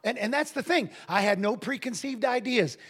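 A man telling a story in a casual, animated way, laughing often and restarting his phrases. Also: extremely high pitch, normal speed, breathy edge. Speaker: guest minister telling a story.

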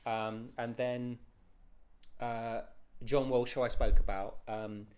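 A middle-aged man, a guest telling stories in a casual, animated way with many fillers. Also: medium pitch, takes it slowly. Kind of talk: casual anecdotal storytelling.

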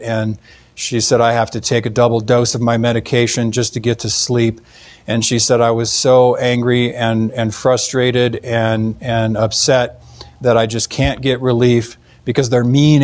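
A man telling a faith testimony in an earnest, halting way, with many fillers and restarts. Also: medium pitch, a little mellow. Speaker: Christian speaker telling a testimony. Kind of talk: storytelling testimony.

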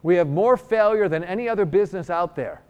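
Animated joking preacher from New York. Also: male voice, high-pitched, a little fast, clean tone, muffled recording. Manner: animated, joking, acts out dialogue. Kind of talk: sermon storytelling.

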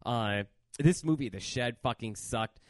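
A man hosting a casual horror movie podcast, talking in a profane, animated rant. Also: mid-range voice, a little slow, no echo, studio quality. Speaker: podcast host.

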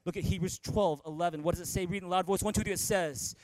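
Man, pastor, sermon, high-pitched, dry mic, frequent restarts. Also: fairly even intonation, fast talker, few pauses, no room sound, poor audio. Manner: storytelling, many stammered restarts. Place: church.

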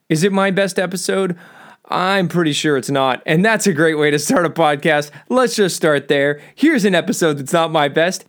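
Self-mocking rambling male podcast host. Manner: self-mocking, rambling, swings between low mutters and high excited bursts. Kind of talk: solo podcast monologue.

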